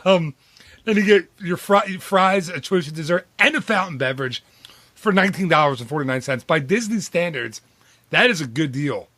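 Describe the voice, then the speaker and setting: A man's voice: on the high side, animated, normal speed, pushed and bright, no room sound. A man in his late thirties or forties, co-hosting a podcast in a chatty, rambling way, with lots of "dude" and restarts. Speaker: podcast co-host. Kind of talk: casual podcast chat.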